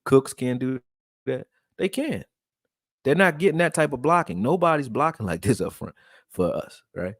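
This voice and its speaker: A man from Texas, raised in Philadelphia, breaking down football film and reading chat on a live stream in a loose, profane, animated way. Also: mid-range voice, normal speed, no room sound, studio quality. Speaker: sports commentary streamer.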